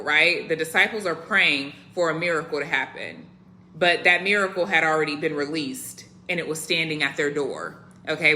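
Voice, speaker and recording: A woman's voice: deep voice, bright, forceful tone, a little hiss or hum. A woman delivering an earnest prophetic devotional message, often tagging her lines with "right?" and "okay?". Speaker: Christian content creator.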